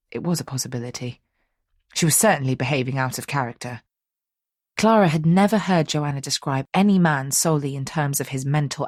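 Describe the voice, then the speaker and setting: Low husky woman narrator. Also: darkish tone, dry recording, studio quality. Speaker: audiobook narrator. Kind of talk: scripted narration.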